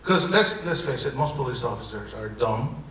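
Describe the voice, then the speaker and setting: Guy playing a spanish accent immigrant joker, stammery and rambling, bouncy pitch, roomy hall, distant mic. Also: normal speed, noisy background, lightly acted. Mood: mocking. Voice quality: lively, rambling, stammering delivery. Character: fast-joking male immigrant comic, defensive and brash. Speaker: improv performer. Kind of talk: live improv comedy. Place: theater stage before an audience.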